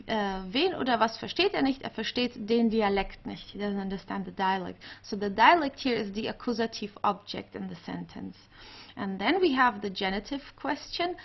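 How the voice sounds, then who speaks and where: Woman language teacher, patient explainer, fry in the voice, mid pitch. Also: highs cut off. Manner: patient, explaining with many fillers and restarts. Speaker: German teacher. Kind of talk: online grammar lesson.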